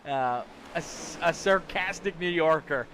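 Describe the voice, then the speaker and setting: A man with a fairly high voice does live commentary for a sim racing league. He moves between calling the cars and bantering with viewers, repeating his own phrases and stumbling over words as he goes. His delivery stays loose and conversational. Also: unhurried, fairly bright tone, a little hiss or hum. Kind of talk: live play-by-play commentary mixed with chat replies.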